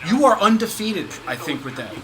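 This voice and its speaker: Over crowd chatter in the background, a man hosts a sports betting show in a high-pitched, very animated, brisk voice. He chats casually about betting and teases his co-host.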